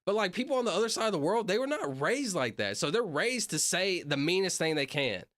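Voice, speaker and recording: A man rambles through casual reaction commentary and breaks into sudden excited yelps. His fairly high voice swings widely in pitch. The sound is dry and close. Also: brisk, dry recording. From Southern United States. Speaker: streamer reacting to videos.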